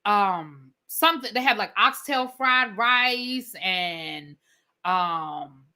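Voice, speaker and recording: A woman's voice: mid-range voice, expressive, extremely slow, pushed and bright. A woman hosting a livestream as a reality TV reviewer, giving blunt, opinionated commentary with casual swearing and replying to viewer comments.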